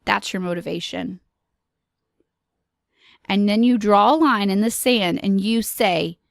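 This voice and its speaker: A woman hosting a podcast, giving an earnest, encouraging motivational talk in slow, deliberate phrases. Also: medium pitch, vocal fry, dry recording, clean studio sound. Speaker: podcast host.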